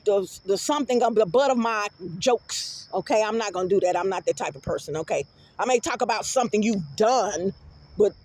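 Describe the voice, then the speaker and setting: A woman's voice: medium pitch, darkish tone. A middle-aged woman telling a rambling story to her viewers, cursing freely and often laughing hard. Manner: profane, rambling, breaks into hearty laughter. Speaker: vlogger.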